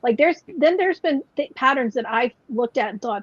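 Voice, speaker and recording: A woman's voice: high voice, animated, normal speed, slightly rough, no echo. A woman co-hosting a casual chat podcast, rambling with lots of "like" and "you know" fillers. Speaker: podcast co-host. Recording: dull lo-fi podcast audio.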